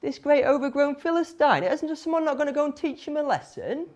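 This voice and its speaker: A woman's voice: sits high, expressive, brisk, a little mellow, dull audio, voice pushed up. A woman telling it as bold young shepherd David. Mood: indignant. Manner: earnest, indignant and sure.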